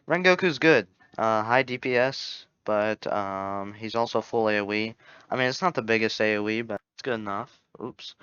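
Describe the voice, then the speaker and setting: A man's voice: fairly low pitch, fairly bright tone, smooth, no echo. A young man giving casual, rambling commentary on a game tier list, often correcting himself and joking. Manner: rambling, self-correcting, jokey. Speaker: gaming YouTuber. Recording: dull lo-fi home mic.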